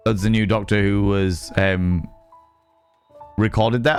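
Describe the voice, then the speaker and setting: A man with a West Country accent chatting casually on a live stream, reacting to chat with quick, sweary asides. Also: lowish voice, fairly even intonation, clean tone, faint music behind. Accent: West Country English.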